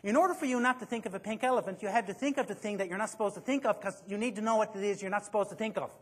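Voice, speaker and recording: A man speaking to a room full of people at a motivational seminar, his voice husky and a little rough. He jokes as he goes and pulls the audience into the talk with questions. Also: high-pitched, very fast. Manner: joking, quizzes the audience.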